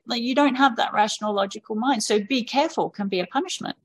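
A woman's voice: on the high side, fairly quick, few pauses, a bit bright. A woman speaking as a podcast guest in candid, conversational storytelling, frank and casual, often acting out quoted voices of parents and children.

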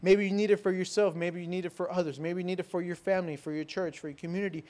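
A man preaching a sermon as a pastor, with emphatic repetition and rhetorical questions, swinging between loud declarations and soft, hushed lines. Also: high-pitched, fairly even intonation, racing.

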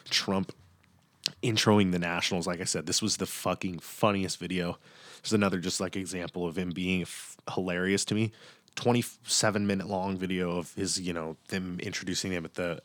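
A man's voice: deep voice, fairly bright tone, no echo. A young adult man hosting a casual podcast, ranting sarcastically and swearing a lot. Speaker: podcast host. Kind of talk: casual profane commentary.

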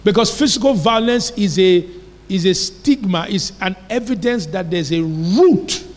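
High-voiced preacher, echoing hall. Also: male voice, lively intonation, unhurried. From Nigeria. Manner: emphatic preaching, rhetorical questions to the congregation. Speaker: pastor. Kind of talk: sermon. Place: church hall. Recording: long reverb of a church hall.

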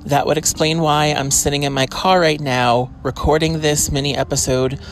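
A woman's voice: deep voice, fairly even intonation, moderate pace, soft background music. A woman podcast host talking casually and at length, filling with ums, recording in her parked car on a phone. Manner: rambling, chatty, filler-heavy. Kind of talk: casual solo update.

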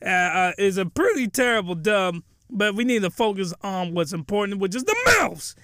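A young man hosting a comedic review, rambling and excitable, with loud bursts of ranting. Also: sits high, normal speed, no echo, clean studio sound. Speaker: host.

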